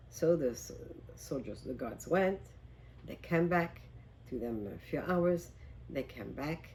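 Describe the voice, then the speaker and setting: A woman's voice: low voice, expressive, slow pace, darkish tone, a little hiss or hum, low-quality recording. A woman teacher telling a story to a class, hesitant, with fillers and restarts.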